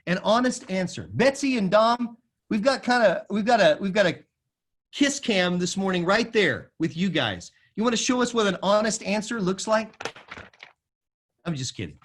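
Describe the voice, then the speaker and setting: A man giving a sermon-style talk to a live audience, emphatic, at times dropping to a soft low voice and leading the audience in repeating phrases. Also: lively intonation, moderate pace. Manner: emphatic, varies loudness widely, drops to a soft low voice for quoted lines. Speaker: speaker at a school of music forum.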